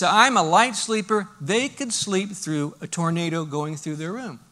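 A pastor preaches a sermon, telling stories with animation and swinging between loud outbursts and hushed lines. He has a high voice.

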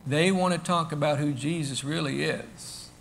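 A man preaching a sermon in a conversational, animated way, asking rhetorical questions and loudly acting out the crowd. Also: fairly high pitch, moderate pace, vocal fry, a little hiss or hum. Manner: animated, acts out the crowd and shouts with sudden bursts. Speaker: pastor.

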